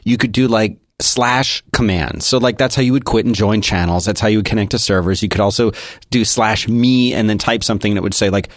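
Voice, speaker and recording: A man's voice: lowish voice, fairly quick, no room sound, clean studio sound. A man co-hosting a casual podcast, eagerly explaining things and laughing along. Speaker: podcast co-host.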